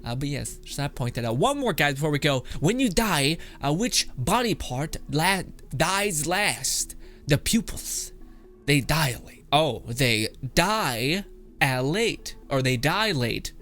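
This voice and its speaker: A man with a somewhat high voice reacting to memes in a loose, chatty way. He laughs a lot, swears freely and wanders into rambling tangents. Faint music plays behind him. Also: big pitch swings, measured pace, fairly bright tone. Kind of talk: casual reaction commentary. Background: background music.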